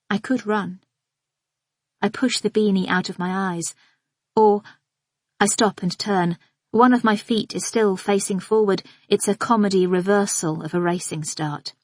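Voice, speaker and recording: A woman's voice: mid-range voice, no room sound. Woman narrating in a dry, close read. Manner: measured, observant, inward. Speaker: audiobook narrator. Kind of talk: scripted first-person narration.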